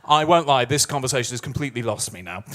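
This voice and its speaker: Fast-talking with lively intonation and a slightly bright, mid-range voice, a Scottish man hosts a live musical theatre night. He keeps up self-mocking, playful cabaret banter in a live music club.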